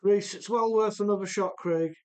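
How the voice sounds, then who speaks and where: Rebuilding an RC car on stream, this chatty male host reads out his viewers' comments in a relaxed way. He speaks at a moderate pace in a high voice, with an accent mixing Welsh and the English Midlands.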